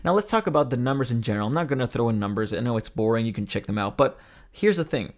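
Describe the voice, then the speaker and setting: A man's voice: medium pitch, animated, fast. A man hosting his own podcast, talking casually and directly to viewers with exasperated, sarcastic rhetorical questions. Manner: chatty, addresses viewers as guys. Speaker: podcast host. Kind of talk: casual spoken commentary.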